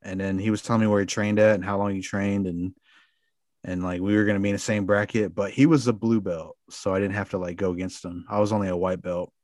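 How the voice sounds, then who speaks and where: A man with a fairly low voice tells a long story in casual talk, stringing it together with fillers and loose cursing. The sound is dry and close, with no room around it. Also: level tone, fast, a little mellow, no echo. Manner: rambling, filler-heavy with frequent swearing. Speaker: podcast guest.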